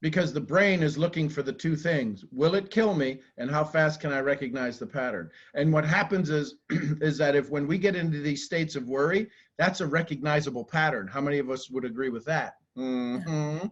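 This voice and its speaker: A man giving a live talk to a group, animated and casual, acting out quoted voices and swearing now and then. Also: a little high, normal speed, few pauses, dull audio. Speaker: motivational speaker.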